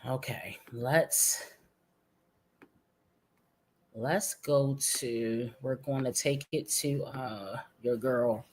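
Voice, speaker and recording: A woman streamer reacting to posts in a brash, profane, mocking way. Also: rumbling low. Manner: slow-paced, drawn-out. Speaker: commentary streamer. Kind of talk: reaction commentary.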